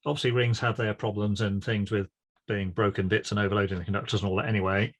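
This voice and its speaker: Calm man explaining. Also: on the low side, fast talker. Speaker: guest electrician. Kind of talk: casual technical explanation.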